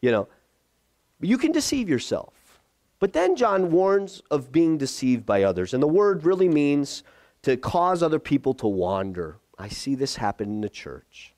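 A man preaching a sermon as pastor, conversational and lively, acting out the voices he quotes. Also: fairly high pitch, a little slow, no room sound, clean studio sound.

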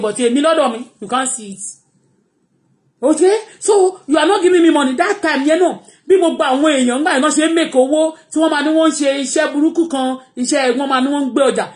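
A Nigerian woman with a Yoruba accent holds forth on her live stream in a high, quick voice. She swings between English and Yoruba, worked up and loud, often breaking into shouts and laughter. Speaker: blogger hosting a live stream. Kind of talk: animated live-stream rant.

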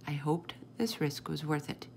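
A woman's voice: low voice, normal speed, creaky, a little mellow, slight background noise. A woman reading a children's chapter book aloud, narrating expressively in the first person. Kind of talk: storybook read-aloud.

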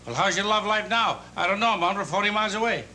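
An older man doing rapid one-liner stand-up with deadpan delivery on a television studio stage. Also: high voice, very noisy. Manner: punchy deadpan joke delivery. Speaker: stand-up comedian. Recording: 1970s TV audio with loud music. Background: studio audience laughter and a violin.

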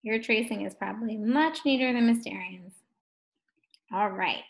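A woman teaching a first grade phonics lesson for distance learning, sounding out words slowly and encouraging young children. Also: medium pitch, vocal fry, a little hiss or hum. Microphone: distance-learning video recording.

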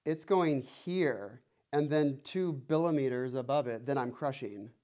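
A man's voice: medium pitch, unhurried, darkish tone. A man teaching a one-on-one drum lesson, playful and teasing, counting beats aloud. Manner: playful, teasing, mock-threatening. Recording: noisy room with drum clicks.

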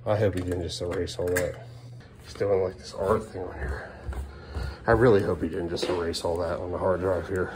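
A father in his thirties, vlogging at home at night, talks casually and emotionally to camera, swearing and using fillers. His deep voice shows little pitch movement and keeps a normal speed, with background noise on the camera mic.

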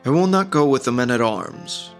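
A man's voice: medium pitch, big pitch swings, normal speed, gravelly, soft background music. A man voicing an earnest young son of a god who speaks plainly and sincerely.

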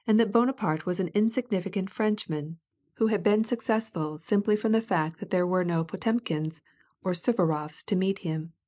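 A woman narrating a classic novel in a steady, even audiobook reading. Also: fairly low pitch. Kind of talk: scripted narration.

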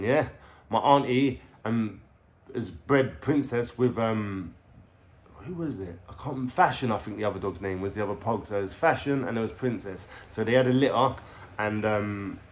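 A young man with a London accent rambles through a story at home, full of street slang and swearing. He keeps stopping for fillers like "yeah?" and "you know?". His voice sits at an ordinary middle pitch. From England. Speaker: vlogger. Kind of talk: casual storytelling to camera. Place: indoors at home.

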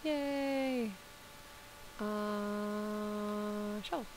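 A woman's voice: mid-range voice, steady tone, drawn-out words. A woman giving casual, playful commentary as she plays a video game, talking to the animals on screen. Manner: playful, chats to the game's animals. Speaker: video game let's-player. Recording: clear background noise.

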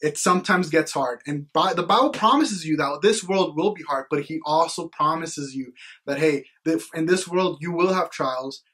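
Young male youth-podcast co-host, slightly high and husky, earnest and rambling, casual faith talk. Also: normal speed, fairly bright tone. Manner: earnest, rambling, heavy on "like" and "you know what".

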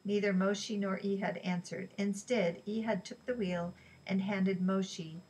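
Breathy woman reading a novel aloud. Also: mid-range voice, low-quality recording. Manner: even, unhurried reading with small slips. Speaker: reader.

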